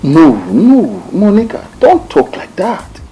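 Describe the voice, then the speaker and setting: A man plays a father gently advising his daughter. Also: sits high, sing-song, takes it slowly, heavily acted, poor audio. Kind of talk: film drama acting.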